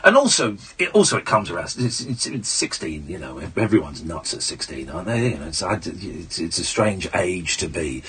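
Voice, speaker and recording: Man, late-night radio host, lively pitch, stammering chat. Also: fairly quick, few pauses, breathy edge, distant mic, rough recording. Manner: animated, stammering restarts, loud jokey asides. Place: radio studio.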